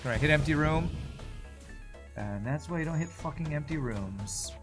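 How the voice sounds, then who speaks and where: A man's voice: on the high side, animated, moderate pace, music in the background. A man streaming a video game, chatting casually while he plays, swearing and laughing as he goes. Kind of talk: live gameplay commentary.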